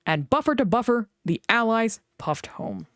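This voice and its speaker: Expressive female storybook reader, lively melody, dry close sound. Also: fairly high pitch, normal speed, no room sound. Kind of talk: reading a children's book aloud.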